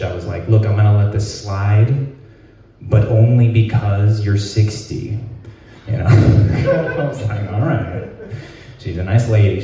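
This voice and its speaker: A young man performing a stand-up comedy set, self-deprecating and halting, at a free comedy show. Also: fairly low pitch, mellow, a little hiss or hum. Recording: roomy echo, mic far off.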